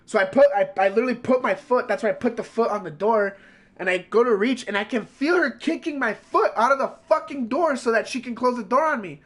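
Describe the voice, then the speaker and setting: Guy with a pretty high voice, cursing a lot, telling a wild story casually at home. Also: brisk, a bit bright. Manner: profane, heated storytelling. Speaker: streamer.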